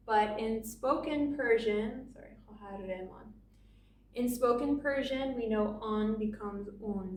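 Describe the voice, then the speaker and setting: A woman teaching a grammar lesson, explaining slowly and patiently and spelling out each example. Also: medium pitch, a little mellow. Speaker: language teacher. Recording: echoey room from a distance.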